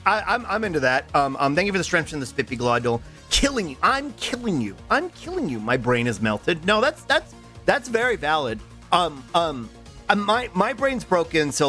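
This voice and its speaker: A young man streaming, chatting casually to his viewers, rambling and swearing as he slips into quick voice impressions. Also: fairly high pitch, pushed and bright. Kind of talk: casual livestream chat.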